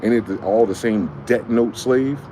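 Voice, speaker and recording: A man's voice: medium pitch, moderate pace, warm tone, slight background noise. A man vlogging in a heated monologue, reading a document aloud and breaking off into angry, profane rhetorical questions.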